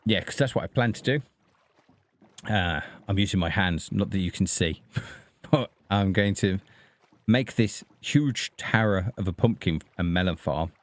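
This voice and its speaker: Laid-back guy muttering along while he plays, unhurried and lowish voice. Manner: chatty, talks to himself and the villagers. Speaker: streamer. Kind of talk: casual gameplay commentary.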